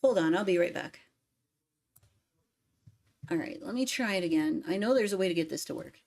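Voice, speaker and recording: A woman's voice: fairly low pitch, animated, moderate pace, gravelly, a little mellow. A woman hosting a music livestream, chatting casually and singing lines to test lyrics, often poking fun at herself. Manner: self-deprecating, sings lyric lines to test them. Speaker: livestream host, singer.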